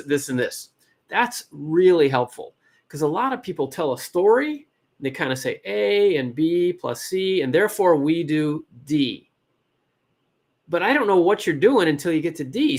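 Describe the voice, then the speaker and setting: A man with a West Coast American accent giving casual, encouraging feedback on a startup pitch. He talks in a chatty way and often breaks off and restarts his sentences. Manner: chatty, encouraging, self-interrupting. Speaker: startup advisor and event host.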